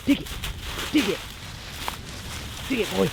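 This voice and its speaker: A man talks casually to his camera while out walking outdoors. His voice sits slightly high, and he is chatty and quick to laugh. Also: gravelly, slight background noise. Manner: chatty, laughs often, excitable with the dog. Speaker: outdoor vlogger. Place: outdoors in a park and golf course.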